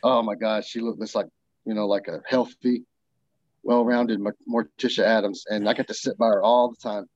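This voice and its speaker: A man, a military veteran, telling a story in casual chat, animated and profane as he acts out the dialogue. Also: lowish voice, normal speed, no echo, lo-fi sound.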